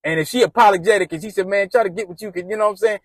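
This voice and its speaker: High-voiced man telling a rambling storytime. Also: very fast, no room sound. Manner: slangy, rambling, acts out friends' quotes. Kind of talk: casual storytime monologue.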